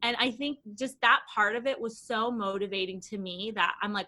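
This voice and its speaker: Bright, eager woman guest. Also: mid-range voice, fairly even intonation. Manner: enthusiastic, quick, many restarts and "like". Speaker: guest, language program founder. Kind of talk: casual podcast interview.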